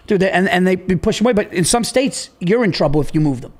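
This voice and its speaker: A male comedian guest talks casually on a podcast in a notably high voice. He tells his stories with animation and reads off his tour dates in a plain, chatty way. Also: animated, rapid-fire, few pauses, a little mellow.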